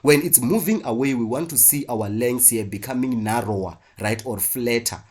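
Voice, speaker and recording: A man's voice: medium pitch, normal speed, darkish tone, breathy edge. A man with a South African English accent teaching an online biology class, explaining while he draws and often checking in with "right?".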